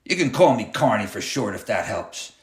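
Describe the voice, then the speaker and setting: A lowish, very animated male voice at normal speed plays the menacing school-bus clown, sneering and barking bossy threats at his passengers. The echo of a roomy room surrounds him.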